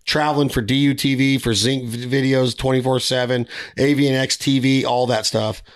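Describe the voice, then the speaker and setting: A man hosting a podcast, rambling through a hunting story with quick restarts. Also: mid-range voice, steady tone. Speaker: podcast host. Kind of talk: casual podcast chat.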